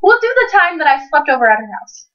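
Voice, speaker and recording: High-voiced teenage girl, distant and dull. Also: fast. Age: teens. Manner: swears freely, animated retelling with voiced quotes. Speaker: co-host. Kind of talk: casual storytelling chat. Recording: distant, dull lo-fi home mic.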